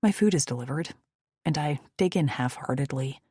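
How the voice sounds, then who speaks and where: A woman narrating a first-person romance audiobook in a hushed, breathy inner-monologue manner, close to the mic. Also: sits low, moderate pace, no echo.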